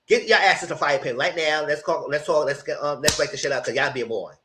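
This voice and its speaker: A man giving a casual live recap of a reality dating show, animated and slangy, with mocking asides to the contestants. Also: fairly high pitch, fairly quick, noisy background. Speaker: reality TV reviewer.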